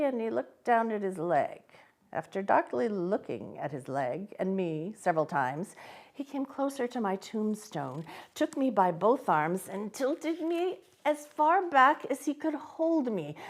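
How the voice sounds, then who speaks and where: A woman reading a classic novel aloud, telling the story with unhurried expression. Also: fairly high pitch. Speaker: volunteer reader.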